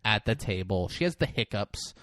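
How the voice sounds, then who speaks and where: A man with a slightly low voice chats casually on a podcast, retelling a movie's plot. He swears freely and jumps into the characters' lines. The sound is dry and close, with no room around it. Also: lively intonation, normal speed, a bit bright, dry recording. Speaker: podcast co-host. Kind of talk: casual chat recapping a movie.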